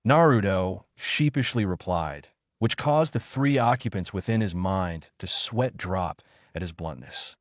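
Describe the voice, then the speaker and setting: A man reading fan fiction aloud with expressive storytelling. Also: low-pitched, measured pace, no echo, clean studio sound. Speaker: reader.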